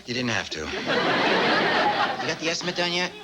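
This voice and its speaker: A man's voice: on the high side, huge pitch swings, measured pace, a loud crowd, very noisy. An actor playing a flustered grown son in a sitcom who stammers and trips over his words. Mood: amused. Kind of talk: sitcom acting.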